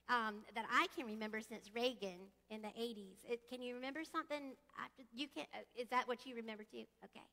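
In an echoey church hall, a woman with a high, creaky voice preaches a casual, chatty sermon. She is animated as she guides her congregation through prayer and questions, and she leads call-and-response singing.

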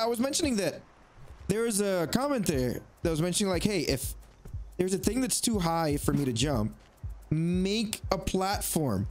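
A man giving excitable let's play commentary, talking to the creatures on screen as he plays. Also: on the high side, moderate pace, faint music behind. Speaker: gaming YouTuber.

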